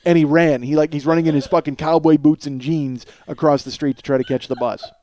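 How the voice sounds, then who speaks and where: A man with a somewhat high, dark-toned voice and fairly even intonation talks a little fast. At night in his home studio, he hosts a podcast and tells a long, loose story, cursing and filling gaps with filler words.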